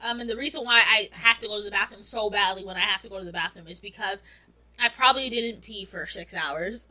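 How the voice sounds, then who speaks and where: A woman's voice: mid-range voice, fast, pushed and bright, low-quality recording. A young woman co-hosting a podcast, talking candidly in a rambling, casual way and swearing freely. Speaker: podcast co-host. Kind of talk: casual chat.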